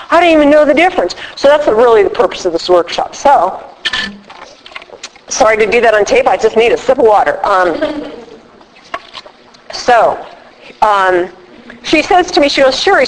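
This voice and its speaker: A middle-aged woman leads a recovery workshop, talking to a room of attendees. She tells her story with animation and acts out each voice in her conversations. Her voice sits a little high and carries a long reverb from the hall. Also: slight background noise. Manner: animated storyteller acting out dialogue. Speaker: workshop speaker.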